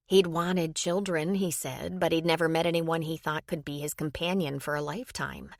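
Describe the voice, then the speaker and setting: A woman narrating a romance audiobook in an even storytelling read. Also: low voice, normal speed, hardly any pauses, no room sound, clean studio sound. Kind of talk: scripted narration.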